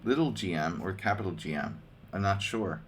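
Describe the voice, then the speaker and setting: A man talks through his chess moves on a live stream in a relaxed, joking way, often thinking aloud. His voice sits a little low. He chats with his viewers between variations. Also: moderate pace, slight background noise. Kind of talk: casual live-stream commentary.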